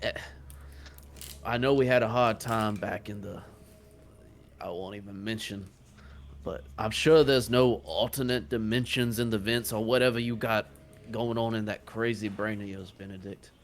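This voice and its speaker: A man's voice: lowish voice, steady tone, normal speed, a little hiss or hum, lightly acted. A man voicing an easygoing, dismissive male agent in a tabletop game.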